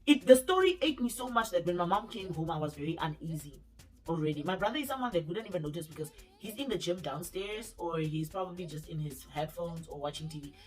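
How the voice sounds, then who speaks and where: A woman's voice: on the low side, quick pace. A young woman vlogger telling a casual story, talking in slang and acting out what other people said. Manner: animated, slangy storytelling that acts out quoted dialogue. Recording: distant mic with faint background music.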